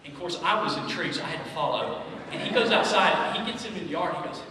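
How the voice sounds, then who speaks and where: A man delivers a tribute to his late father, mixing gentle jokes with tender thanks. His voice sits a little high and reaches the mic from far off. A big, reverberant hall with steady background noise surrounds him. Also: very fast, crowd noise. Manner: affectionate, joking storyteller. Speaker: son giving a eulogy. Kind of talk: memorial tribute speech.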